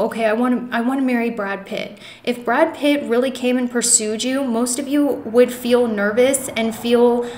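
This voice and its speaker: Speaking to viewers she calls "guys," a woman with a fairly high voice gives an emotional, earnest pick-a-card tarot reading full of reassurance, fillers and restarts. The room is echoey, and there's a little hiss or hum.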